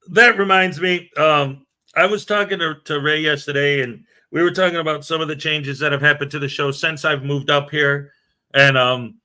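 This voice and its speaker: Bright chatty guy hosting a morning stream, laughing and greeting viewers. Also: a little high. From United States. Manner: chatty, laughing, reads viewer comments aloud. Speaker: livestream host. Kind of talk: casual live-stream chat.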